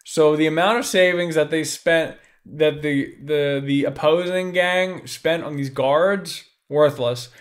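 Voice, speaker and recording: An excitable young man chatting casually as a podcast host, his voice on the high side. He talks in an animated, loose way, with plenty of swearing. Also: takes it slowly, few pauses. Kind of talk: excited casual book talk.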